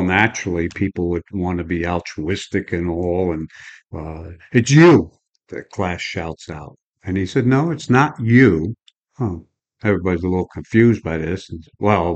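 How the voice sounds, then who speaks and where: An older man talks through a life lesson for his kids in a low voice, wandering into stories and correcting himself as he goes. The recording is dull and lo-fi, with muffled highs. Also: darkish tone. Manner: meandering, with self-corrections and storytelling asides. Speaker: father giving life lessons. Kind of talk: reflective monologue to his kids.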